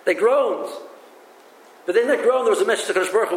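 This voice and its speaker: High-voiced rabbi teaching in an echoey room. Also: male voice. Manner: halting and repetitive, thinks aloud. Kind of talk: teaching a religious text, with stories. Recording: echoey room with faint ambience.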